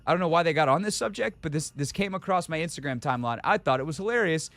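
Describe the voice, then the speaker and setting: A man hosting a sports radio show, talking casually in an animated, jokey way. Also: a little high, fast, dry recording.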